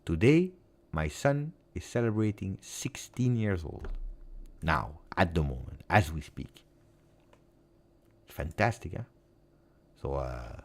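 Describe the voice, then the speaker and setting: A man's voice: very deep voice, expressive, slow pace, long pauses. A man in his forties with an Italian accent, hosting a casual live stream, emotional and repeating himself. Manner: emotional, repeats words, shifts between loud and soft. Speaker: football fan channel host.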